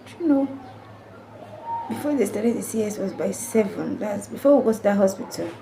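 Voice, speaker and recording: A woman's voice: mid-range voice, animated, normal speed, vocal fry, noisy background. A young adult woman vlogger earnestly retelling a painful personal story to camera, with emotional repetition. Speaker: family vlogger.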